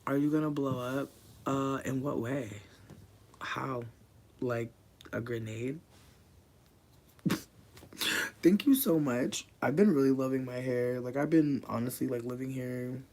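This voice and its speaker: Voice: mid-range voice, measured pace, pauses often. Livestreamer rambling at home, swears a lot, mid voice, bit of background hiss. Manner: rambling, profane, drifts between quiet mutters and loud bursts. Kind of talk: casual livestream chat. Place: room at home.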